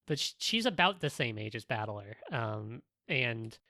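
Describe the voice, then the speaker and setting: A podcast co-host in a casual discussion, talking in an animated way with many fillers and restarts. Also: medium pitch, measured pace, dry recording.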